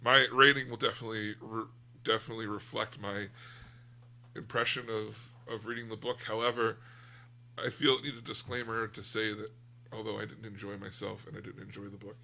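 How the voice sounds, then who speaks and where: American man, gravelly tone, bright edge, candid rambling chat. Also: fairly low pitch, level tone, moderate pace. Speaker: book club podcast co-host. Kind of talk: casual chat.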